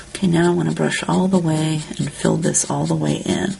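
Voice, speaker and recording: A woman calmly talking through a step-by-step card-coloring tutorial, describing each stroke as she works. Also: low-pitched, moderate pace, vocal fry, slight background noise. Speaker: card-making instructor.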